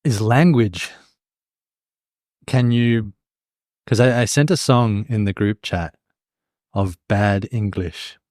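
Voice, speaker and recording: Man asking halting questions. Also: fairly low pitch, a little mellow, no echo, clean studio sound. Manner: halting, self-interrupting questions. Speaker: podcast co-host. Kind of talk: casual chat.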